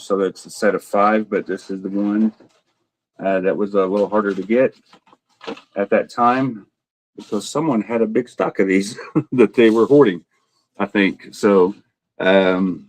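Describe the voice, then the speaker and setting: A man's voice: lowish voice, a little mellow, low-quality recording. A man running a casual live auction, joking and laughing as he calls out bids and buyers by name. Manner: joking, laughs often, self-teasing. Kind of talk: casual livestream auction chat.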